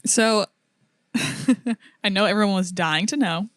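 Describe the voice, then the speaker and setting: A young American woman co-hosting a podcast in a relaxed, giggly way, winding through anecdotes at an easy mid-range pitch. She sounds close to the mic in a dry room with no echo. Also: measured pace. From United States. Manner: giggly, chatty storyteller. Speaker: podcast co-host. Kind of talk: casual chat.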